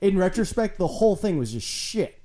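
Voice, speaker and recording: A man chatting casually as a podcast co-host, animated, swearing freely and acting out quotes. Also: high voice, fairly quick. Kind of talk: casual chat.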